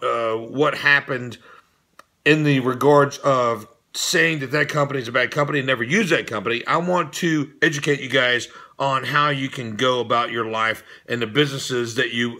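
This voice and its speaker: Forceful middle-aged man ranting. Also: mid-range voice. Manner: direct, lecturing, plain-spoken. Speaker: fitness channel host. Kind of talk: irritated rant to camera.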